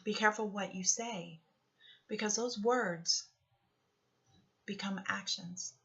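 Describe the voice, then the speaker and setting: Woman motivational speaker, bright, forceful delivery, earnest and repetitive, dull lo-fi recording. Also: mid-range voice, slow. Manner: earnest, repetitive coaching, frequently asks "okay?". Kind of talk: motivational talk with guided meditation.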